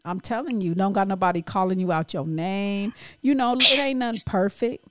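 A woman's voice: medium pitch, moderate pace, no room sound. A woman in her late forties or fifties co-hosting a podcast, giving blunt, profane advice in casual chat. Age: late 40s to 50s. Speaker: podcast co-host.

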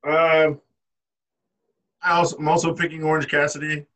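A man's voice: a little high, flat delivery, moderate pace, fairly bright tone, far from the mic. A man co-hosting a casual podcast, laid-back and thinking aloud through his reasons. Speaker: podcast co-host. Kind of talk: casual chat.

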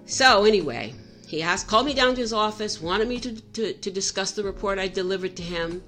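A woman's voice: mid-range voice, expressive, a little fast, fairly bright tone, soft background music. A middle-aged woman telling a personal story in a candid, self-reflective way, often restarting her sentences.

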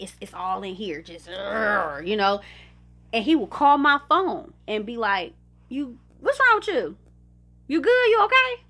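A woman's voice: mid-range voice, bright, forceful tone. A young woman from the United States hosting a podcast, talking candidly and conversationally about her life and laughing now and then. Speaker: podcast host. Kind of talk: reflective personal talk.

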